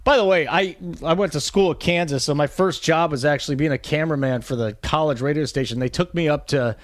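A man's voice: fairly high pitch, quick pace, dry recording, clean studio sound. Chatty self-deprecating male radio guest. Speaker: fantasy football analyst, radio guest. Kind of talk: casual sports radio banter.

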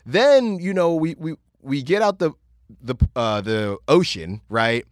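A man's voice: fairly high pitch, measured pace, dry recording, clean studio sound. A young man hosting a podcast, telling a vacation story casually with lots of fillers and restarts. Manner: rambling, lots of filler words and restarts, animated retelling. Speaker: podcast host.

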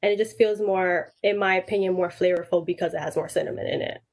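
A woman in a casual chat who explains things in a relaxed way, often saying "I feel like". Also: on the low side, quick pace.

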